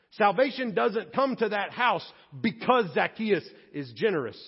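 A male pastor preaching an animated sermon, moving between quiet and loud passages. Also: high voice, husky. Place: church sanctuary. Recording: dull lo-fi audio in a reverberant hall.

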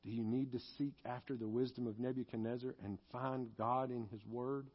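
Pastor guy preaching then praying, kinda husky, earnest, muffled lo-fi church audio. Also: mid-range voice, steady tone, a little fast. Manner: earnest, confessional, rising to fervent pleas in prayer. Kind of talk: sermon and closing prayer.

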